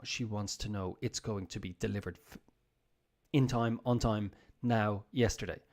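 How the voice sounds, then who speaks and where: A man's voice: on the low side, a little mellow. A man giving a casual live lesson, explaining office phrases by acting out what a boss says. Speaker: English teacher.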